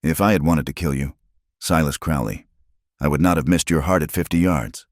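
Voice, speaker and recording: A man doing a calm proud warrior. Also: very deep voice, dry recording, clean studio sound. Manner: calm, measured, dignified.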